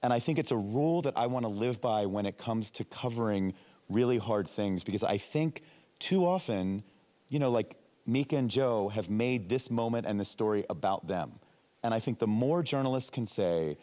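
A male journalist speaking on a panel, halting and restarting often as he tells a story. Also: lowish voice, animated, mellow. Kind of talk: panel discussion. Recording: long hall reverb.

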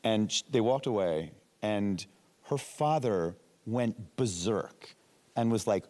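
Low-voiced male journalist in a hall. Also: animated, darkish tone. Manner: halting, with many restarts. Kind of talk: panel discussion. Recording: long hall reverb.

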